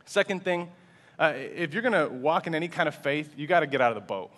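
A male pastor giving a sermon in a conversational style, sometimes dropping to a soft, quiet voice. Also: a little high, animated, fairly quick. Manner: conversational preaching, acts out quoted voices, sometimes drops to a hush.

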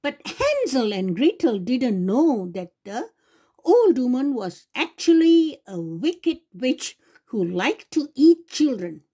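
Woman reading a kids fairy tale super slowly, bouncy pitch, a bit husky. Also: sing-song, warm tone. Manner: slow, sing-song, with self-corrections. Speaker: children's channel storyteller.

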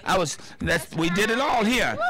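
A man's voice: high voice, animated, normal speed, bright, forceful tone. An older man giving a joking, heartfelt, rambling speech at a field dedication. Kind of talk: informal outdoor speech. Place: outdoor sports field.

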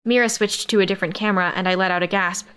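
A woman narrates a first-person sci-fi romance audiobook, steady and expressive. Her mid-pitched voice carries the story along evenly, delivered very fast with a clean tone.

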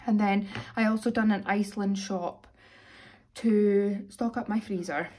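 A young British woman, a little hoarse, chatting casually as she counts out cash for her weekly budget. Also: mid-range voice, fairly even intonation, unhurried, a little mellow. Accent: British English. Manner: chatty, self-narrating, counting money aloud. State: slightly hoarse, losing voice. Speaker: budgeting vlogger. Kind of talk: casual chat while cash stuffing.

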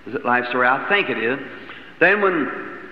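A man's voice: medium pitch, animated, moderate pace. A man telling folksy personal stories as a preacher in a sermon, in plain rural phrasing. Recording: dull old echoey hall recording.

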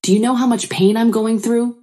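A woman's voice: a little high, steady tone, brisk, mellow, pitched above the performer's own voice, lightly acted. A woman voicing a scornful, sarcastic older mother-in-law who mocks and belittles, in a narrated family story. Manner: mocking, belittling.

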